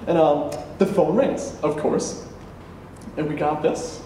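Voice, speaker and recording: A man performing a true story live on stage, animated, acting out the other people's lines and laughing as he tells it. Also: on the high side, measured pace. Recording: echoey room, mic at a distance, faint background noise.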